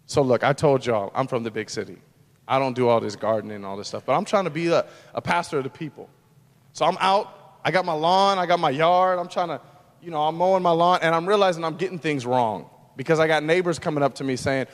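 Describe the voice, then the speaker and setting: A man pastor preaching a sermon, moving between loud, emphatic lines and hushed, quiet ones. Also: on the high side, quick pace, in a large hall.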